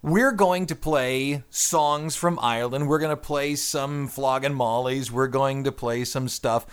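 Male radio host, mid-pitched, wry, rambling studio chat. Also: unhurried, clear, resonant tone. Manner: chatty, wry, tangent-prone.

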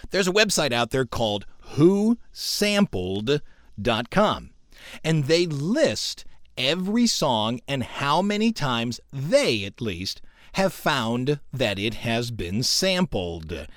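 A man hosting a college radio music show, explaining things in an animated storytelling way. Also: medium pitch, slow, no room sound, studio quality. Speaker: radio host. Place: radio studio.

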